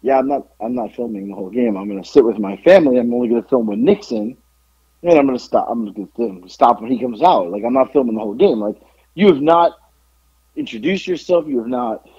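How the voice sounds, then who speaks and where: A man co-hosting a podcast, slightly hoarse from yelling, telling animated stories in casual chat. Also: medium pitch, brisk, dry recording, dull audio. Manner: animated storytelling, yelling out quotes. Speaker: podcast co-host.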